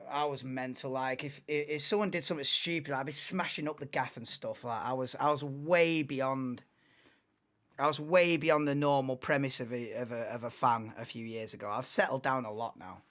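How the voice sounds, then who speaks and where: A man in his late twenties, hosting a live race watchalong in an excitable, rambling, chatty way. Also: mid-range voice, moderate pace. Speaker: livestream host.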